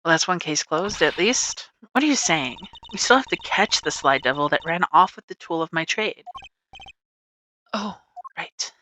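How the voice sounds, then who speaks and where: A woman's voice: fairly low pitch, lively intonation, normal speed, pushed and bright, a little hiss or hum. A woman casually commentating a game she plays, chatty and giggly, reading dialogue aloud. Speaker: let's play streamer.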